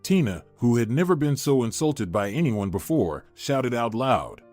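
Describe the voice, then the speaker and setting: Guy narrating a drama story, steady mid voice, quiet music underneath. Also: mid-range voice, moderate pace.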